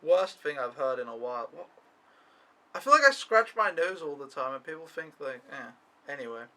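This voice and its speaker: A man's voice: a little high, expressive, moderate pace, pushed and bright, poor audio. A young man talking to camera in a rambling, complaining vlog recap, swearing often. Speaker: au pair vlogger. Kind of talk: casual weekly recap vlog.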